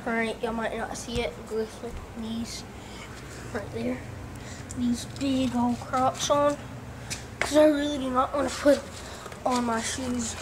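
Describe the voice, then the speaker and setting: A teen girl's slightly high voice, with little pitch movement, comes a little slowly and with long pauses. She vlogs a casual, rambling tour of her home and its outdoors, with distracted asides, in a noisy video recorded on a handheld phone.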